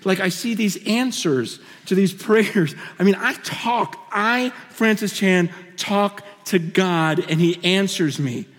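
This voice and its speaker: Male preacher, fairly high voice, impassioned storyteller with lots of repeats, big hall with long reverb. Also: takes it slowly, few pauses. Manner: impassioned, repeats himself, swings between loud and hushed. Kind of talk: sermon storytelling. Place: on a stage in a large hall.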